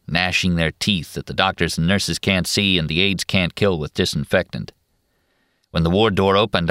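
A man narrating a novel in a steady, measured first-person telling. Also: low voice, clean tone, no echo, clean studio sound. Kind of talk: audiobook narration.

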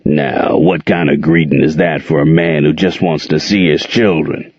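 A cold, smug man growls in a very low, gravelly voice, as a narrator puts him on. The recording is dry and dull. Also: steady tone, normal speed, a little mellow, no room sound. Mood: menacing.

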